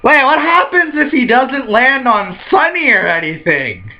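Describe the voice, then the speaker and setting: Host reading a manga chapter live: high, lively, unhurried man, excitable, lo-fi sound. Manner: excitable, laughs often, reads lines aloud in quick put-on voices. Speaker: manga reaction channel host.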